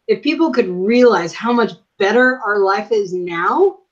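A woman's voice: mid-range voice, lively intonation, measured pace. A woman guest in a casual faith conversation, speaking earnestly and affirming what the host says. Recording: muffled lo-fi audio.

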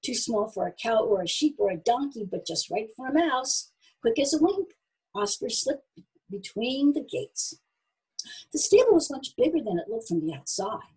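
Husky, expressive woman reading a story. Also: a little high, moderate pace, rough recording. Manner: expressive, animated. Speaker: narrator.

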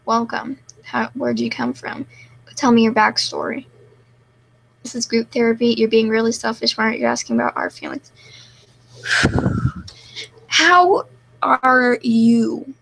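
A young woman streaming live, reading chat comments aloud and answering in a deadpan, self-mocking way. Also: a little high, normal speed, creaky, low-quality recording.

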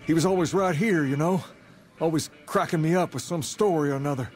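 An actor playing a firm, measured gang leader in a video game. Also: male voice, a little high, faint music behind, natural voice.

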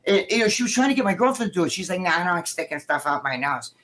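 Profane, animated middle-aged man telling stories. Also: sits high, very fast. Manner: profane, animated, acts out quoted dialogue. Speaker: guest co-host. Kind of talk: casual live-stream storytelling.

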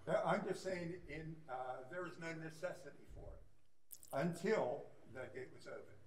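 A man speaking as a resident at a public meeting, insistent and halting, with many fillers. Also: fairly high pitch, slight background noise. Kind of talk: heated public comment.

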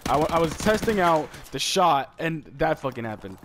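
Profane young gamer ranting over gunfire. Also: male voice, on the high side, normal speed. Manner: rambling, swearing, trash-talking, excitable. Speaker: gamer streaming commentary. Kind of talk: profane live gameplay commentary. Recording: noisy gameplay audio with gunfire. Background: game gunfire and clicks.

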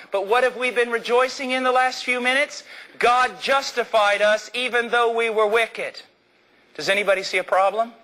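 Male preacher, fiery sermon delivery, high and bright, swinging between hushed and shouted. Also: rough recording. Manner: impassioned, shifts between low earnest and high shouted emphasis.

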